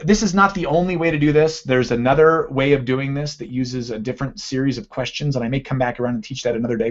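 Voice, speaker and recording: A man's voice: mid-range voice, muffled recording. A man coaching a live online class, teaching a listening technique in a conversational way and often checking in with "right?". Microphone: computer mic on a video call.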